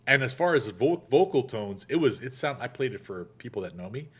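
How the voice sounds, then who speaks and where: A middle-aged man hosting a casual chat show, telling stories with animated energy. He slips into little voices for the people he quotes. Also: medium pitch, brisk, slightly rough. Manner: animated storyteller, acts out quotes. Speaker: podcast host; actor.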